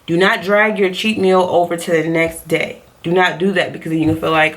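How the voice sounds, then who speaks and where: A woman's voice: lowish voice, steady tone, normal speed, few pauses. A woman coaching on diet in a casual vlog, chatty and repeating her points for emphasis.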